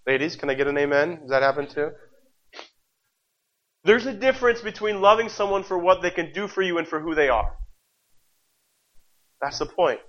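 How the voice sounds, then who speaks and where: A man's voice: fairly high pitch, animated, normal speed, pauses often, a bit bright. A married man preaching a sermon with passion, repeating phrases and asking the congregation rhetorical questions. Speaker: pastor. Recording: dull lo-fi recording.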